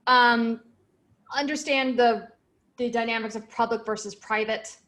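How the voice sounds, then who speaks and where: A woman's voice: fairly high pitch, fairly even intonation, a little slow, fairly bright tone. A woman co-hosting a sales podcast, giving direct and emphatic advice in a casual chat. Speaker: podcast co-host.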